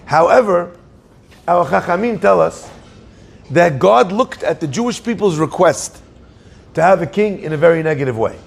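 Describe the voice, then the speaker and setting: Gravelly high-voiced man teaching a Torah class. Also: moderate pace. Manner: lively, joking asides to the audience. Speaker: rabbi giving a Torah class. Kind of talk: sermon.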